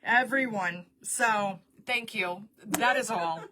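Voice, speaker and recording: A woman running a casual live stream for her shop, chatty and quick to laugh. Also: mid-range voice, bright, forceful tone.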